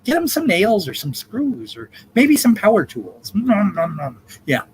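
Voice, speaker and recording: High, lively, campy male bingo host. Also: slight background noise, rough recording. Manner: campy, jokey, drawn-out number calls. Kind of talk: live charity bingo hosting.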